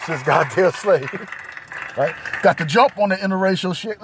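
A man's voice: high voice, normal speed. Profane man ranting over noisy audio. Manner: loud, profane, repetitive ranting. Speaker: podcast host. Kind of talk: profane comedic rant. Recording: noisy home recording.

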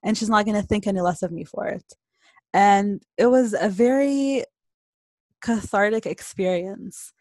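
A woman's voice: mid-range voice, a little mellow, no room sound. A young woman in casual podcast chat, emotional and open, laughing often. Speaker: podcast co-host.

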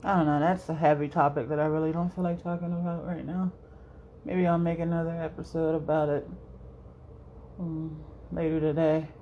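A woman's voice: sits low, little pitch movement, moderate pace, dark tone, muffled recording, slight background noise. A young woman hosting a solo podcast, rambling casually, swearing freely and laughing often. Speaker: podcast host.

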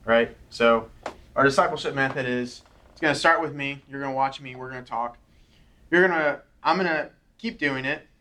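A man leads a church group in an informal teaching session, his voice bright and forward. He talks earnestly and conversationally, walking listeners through ideas one step at a time at a moderate, even pitch. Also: normal speed, slight background noise.

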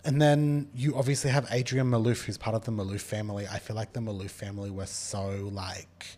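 Breathy man, upbeat chatter. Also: lowish voice, level tone, brisk, darkish tone. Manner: enthusiastic, short affirmations, slangy. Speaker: podcast co-host. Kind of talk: casual chat.

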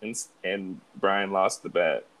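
A man's voice: deep voice, measured pace, fairly bright tone, low-quality recording. A young man co-hosting a podcast, retelling scenes in a laid-back, casual way. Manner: laid-back storytelling with fillers. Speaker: podcast co-host. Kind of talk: casual chat.

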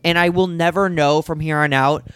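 A man co-hosting a podcast, talking candidly and haltingly, leaning on "like" as he tells a personal story. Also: fairly high pitch, fairly even intonation, a bit bright, slight background noise. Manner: halting, heavy on filler "like", self-deprecating.

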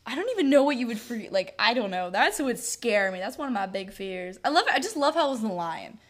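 A woman's voice: on the high side, very animated, fast talker. A young woman co-hosting a podcast, chatting casually, rambling with lots of fillers and giggles. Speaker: podcast co-host. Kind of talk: casual chat.

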